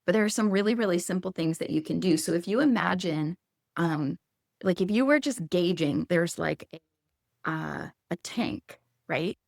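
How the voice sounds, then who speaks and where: A woman in her thirties speaking casually as a guest, chatty and animated, acting out quoted lines in a higher voice. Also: normal speed, gravelly, no room sound, studio quality. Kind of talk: casual conversational advice.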